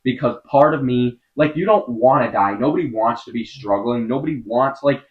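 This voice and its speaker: A young man from Wisconsin, a podcast guest telling a personal story in an earnest, halting way, full of filler words. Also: medium pitch, muffled recording. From Wisconsin, USA.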